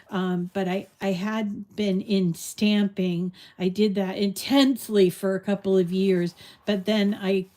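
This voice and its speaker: Middle-aged woman, crafting tutorial host; relaxed, slow delivery, rambling and conversational. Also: medium pitch. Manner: rambling, chatty, drifts off on tangents. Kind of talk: casual live crafting tutorial chat.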